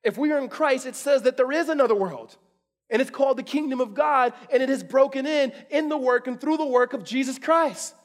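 A man's voice: very high-pitched, a little fast. A man, preaching a sermon in a casual storytelling way, full of restarts and fillers. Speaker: pastor.

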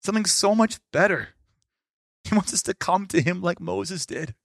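A man preaching a sermon with a fairly high voice. He swings between forceful emphasis and hushed asides. The sound is dry and close, with no room echo. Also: normal speed, creaky. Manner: animated, shifts between loud emphasis and quiet asides. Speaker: pastor.

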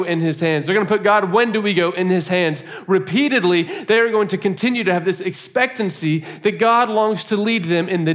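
A pastor preaching a sermon, telling a story in an animated way and laughing often. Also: male voice, on the high side.

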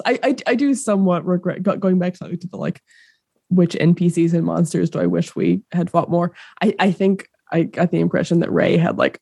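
Woman podcast regular with a gravelly, husky voice, lively pitch, dry close mic. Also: dry recording. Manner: laughing, halting restarts. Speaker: podcast player. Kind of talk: casual chat.

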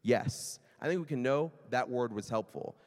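A man preaching a sermon in a conversational, animated way, sometimes acting out quoted voices. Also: medium pitch, moderate pace, big-room sound. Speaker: pastor.

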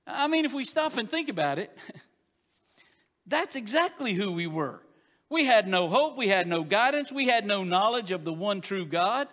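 A man preaching a sermon as pastor, animated and emphatic, dropping at times to soft confessional tones. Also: high voice, a little slow. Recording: long hall reverb.

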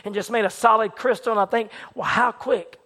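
A man preaching a sermon who retells a story dramatically, rising to excited shouts and dropping to hushed low passages. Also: a little fast.

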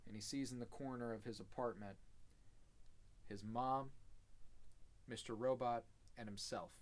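A man in casual podcast chat, retelling a TV episode with lively swearing. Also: medium pitch, a little slow, long pauses. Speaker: podcast host.

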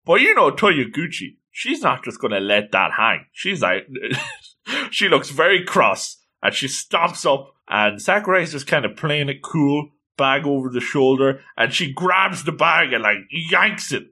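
Man, casual read-along commentary, bright tone, lively pitch, exclaiming often. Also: unhurried. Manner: chatty, exclaiming, reacting aloud. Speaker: manga reader.

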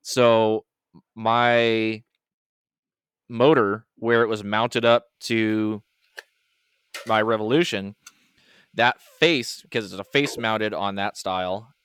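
A man hosting a casual podcast, talking through his workshop gear in a relaxed, rambling way. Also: lowish voice, slow pace, pauses often, smooth, dry recording, clean studio sound. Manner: relaxed, rambling shop talk. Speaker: podcast host. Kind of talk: casual chat.

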